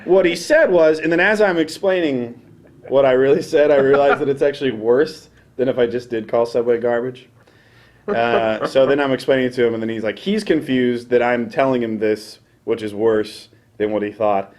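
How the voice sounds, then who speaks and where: A man's voice: mid-range voice, moderate pace, a little mellow. A young man, a late-night radio DJ, casually telling a rambling, self-deprecating story and acting out the voices in it.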